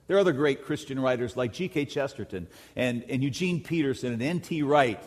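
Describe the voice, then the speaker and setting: A middle-aged man preaching at an ordinary pitch, pressing his points with sudden loud bursts and soft, low drops. His voice rings out through a large church hall with a long, trailing reverb. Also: lively intonation, brisk. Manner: emphatic preaching that swings between loud peaks and quiet drops. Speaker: pastor. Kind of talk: sermon.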